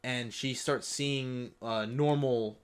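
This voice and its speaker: A man's voice: medium pitch, fairly even intonation, slow, smooth. A young man co-hosting a podcast, chatting casually and swearing often. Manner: swears often, laughing asides. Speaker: podcast co-host. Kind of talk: casual chat.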